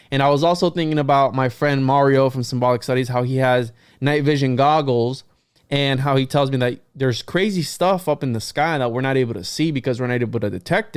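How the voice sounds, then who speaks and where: A man hosting a podcast, telling a story to his guests in a casual, animated way and acting out what people said. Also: medium pitch, clear, resonant tone, no room sound, studio quality. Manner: animated storyteller, quotes people in lively voices, frequent restarts. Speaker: podcast host.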